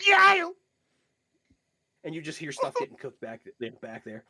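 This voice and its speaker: A man running a tabletop game as game master, narrating in a loose, relaxed way full of casual filler words. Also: mid-range voice, brisk, husky.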